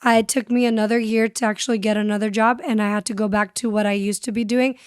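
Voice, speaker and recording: A woman's voice: mid-range voice, little pitch movement, fast talker, smooth, dry recording, clean studio sound. A young woman speaking as a podcast guest and radio host, telling her story candidly and switching between English and Spanish. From San Diego. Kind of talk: casual interview chat.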